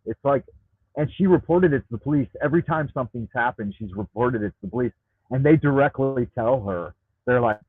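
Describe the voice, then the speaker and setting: A man hosts a livestream and rants at length, swearing freely and stumbling over repeated words when he gets heated. His voice is husky and sits at an ordinary pitch. It comes through a Bluetooth headset, tinny and bone-dry, like a phone line. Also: lively intonation, brisk, no room sound. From United States. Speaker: livestream host reading chat. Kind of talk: ranting live chat.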